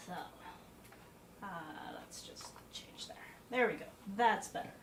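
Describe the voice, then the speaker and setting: A woman speaks a little slowly in a mid-range voice, a piano teacher casually working through practice and thinking aloud with fillers and asides. She's in a home practice room with a piano, and the recording is roomy with faint background noise.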